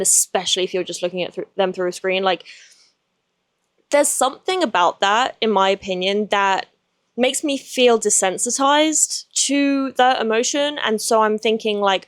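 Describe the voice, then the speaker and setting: A woman's voice: mid-range voice, no echo, clean studio sound. A woman hosting a podcast, talking frankly and casually in a personal monologue, swearing freely and filling with likes. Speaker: podcast host.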